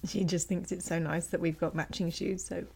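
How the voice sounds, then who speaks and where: A woman's voice: on the low side, flat delivery, moderate pace, gravelly, darkish tone, breathy edge. A woman, co-hosting a podcast in casual chat, telling a long story with frequent laughter. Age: 40s. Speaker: podcast co-host.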